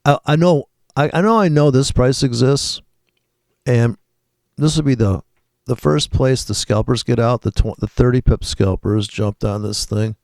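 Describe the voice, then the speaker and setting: A man's voice: medium pitch, a little slow, gravelly, darkish tone, dry recording, clean studio sound. A man talking casually and profanely as he comments live on trading charts, rambling and thinking aloud. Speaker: trading video host.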